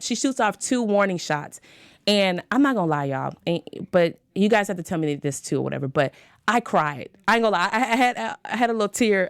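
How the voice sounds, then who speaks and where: Young woman host for a casual TV recap, pitch jumping all over, dry close sound, animated and talkative. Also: no room sound. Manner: animated, dramatic, laughs often, talks straight to viewers.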